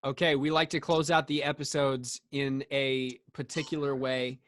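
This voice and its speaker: A man's voice: mid-range voice, little pitch movement, normal speed, fairly bright tone, no echo, clean studio sound. A man hosting a podcast, joking in an easygoing way. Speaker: podcast host. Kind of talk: casual podcast chat.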